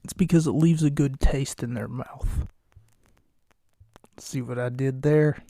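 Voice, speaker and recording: Guy doing a solo wrestling podcast at 2am, half whispering, flat mellow voice, dry close mic. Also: mid-range voice, measured pace, no room sound. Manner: hushed, late-night, jokey and rambling. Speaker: podcast host. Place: home recording space at night.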